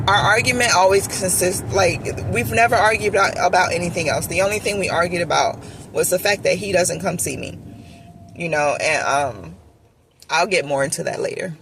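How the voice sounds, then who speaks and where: A woman's voice: lowish voice, gravelly, slight background noise. A woman telling a candid personal story in a chatty vlog style, with lots of "like" and "you feel me". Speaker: vlogger telling a relationship story.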